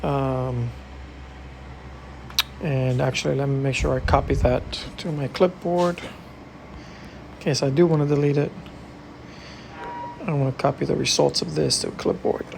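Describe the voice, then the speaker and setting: A man's voice: mid-range voice, a little slow, vocal fry, pauses often, a little hiss or hum. A man hosting a casual tech tutorial, talking through his screen with an easygoing, hesitant manner full of fillers. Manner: relaxed, hesitant with many fillers.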